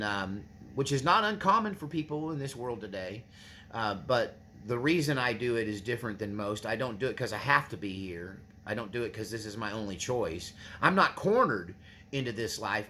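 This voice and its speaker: A man's voice: mid-range voice, pushed and bright, a little hiss or hum. A man hosting his own channel, talking earnestly and rambling to his viewers. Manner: earnest, rambling, restarts often. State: choked up, near tears. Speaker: channel host. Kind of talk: casual monologue to viewers.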